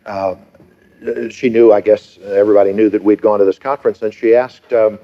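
A middle-aged man preaching a sermon, telling stories and shifting between lively and hushed delivery. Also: fairly low pitch, brisk, highs cut off. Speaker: pastor.

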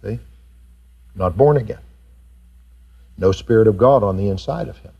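A man preaching a sermon to his congregation, animated and rising high in pitch when he acts out doubters. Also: moderate pace, creaky, slightly rough, muffled recording. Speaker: pastor. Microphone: pulpit mic recorded for tape.

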